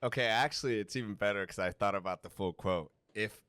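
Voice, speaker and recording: A man, a guest actor and radio personality, telling animated stories to a student audience. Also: fairly low pitch, fast talker, clean tone, dry recording. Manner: animated, emphatic storyteller. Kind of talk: storytelling to a live student audience.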